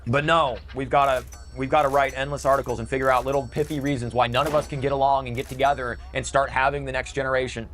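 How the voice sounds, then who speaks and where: A man's voice: medium pitch, little pitch movement, quick pace, hardly any pauses, fairly bright tone. A middle-aged man delivering an emotional, bitter ranting monologue in a video. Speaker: video commentator.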